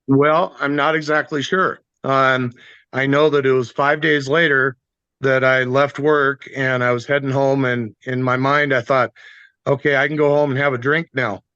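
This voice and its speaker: A man's voice: medium pitch, level tone, normal speed, bright, forceful tone, clean tone, dry recording, highs cut off. A man giving a plainspoken personal testimony on a video call. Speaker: guest sharing a testimony.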